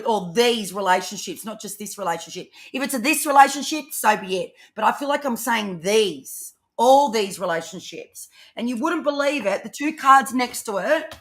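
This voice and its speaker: A woman doing a live tarot reading, talking fast and rambling, swearing freely as she goes. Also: medium pitch. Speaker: tarot reader co-host.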